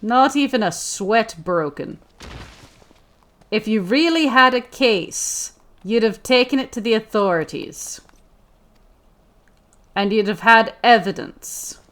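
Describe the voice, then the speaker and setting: A woman's voice: fairly high pitch, expressive, slow pace, long pauses, a bit bright. A woman doing let's play commentary in character, playful and theatrical, often repeating her own lines.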